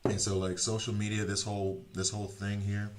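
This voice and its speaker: A man's voice: fairly low pitch, completely flat delivery, brisk, very noisy. A young man streaming, chatting casually with viewers in a rambling, self-deprecating way, full of fillers and restarts.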